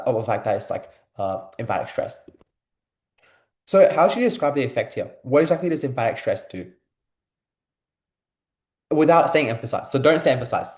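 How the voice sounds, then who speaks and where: A man's voice: mid-range voice, darkish tone, reverberant. A young man tutoring a class in a casual, filler-heavy way, asking his students questions. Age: young adult. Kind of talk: live online class teaching.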